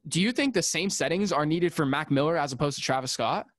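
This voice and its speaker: Man, podcast guest, casual and rambling, lots of fillers, fairly high voice, dry close sound. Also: animated, fast talker, dry recording. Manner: rambling, emphatic, many fillers and restarts. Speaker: audio engineer and music producer guest.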